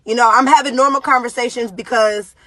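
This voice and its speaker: Young mother on a live phone stream, shaken, halting, lots of fillers, higher voice, dry close sound. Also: fairly even intonation, fairly bright tone, no room sound. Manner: talks directly to viewers, halting with many fillers. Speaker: parent giving a live video update. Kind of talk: emotional live-stream talk to viewers.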